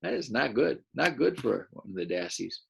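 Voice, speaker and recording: A man teaching a first-grade class, reading a picture book aloud and gently encouraging the children to read along. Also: medium pitch, big pitch swings, moderate pace, gravelly, husky. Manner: gentle, encouraging, explains as he goes.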